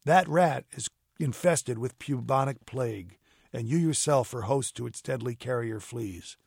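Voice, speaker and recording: A man voicing a calm, cutting gentleman detective in an audiobook, measured and coolly ironic. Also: medium pitch, creaky, breathy edge, dry recording, clean studio sound. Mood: cool, commanding. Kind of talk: audiobook character reading.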